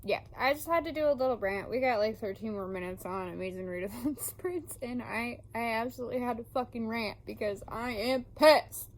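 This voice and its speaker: A woman book vlogger ranting casually about her reading, swearing often and filling pauses with ums. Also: on the high side, poor audio.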